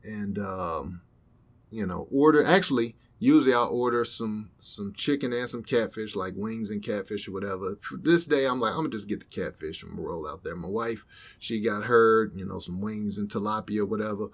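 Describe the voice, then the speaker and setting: At a moderate pace and with a fairly low voice, a young podcast co-host relates a story in casual talk. He's animated throughout and performs the voices of those he quotes.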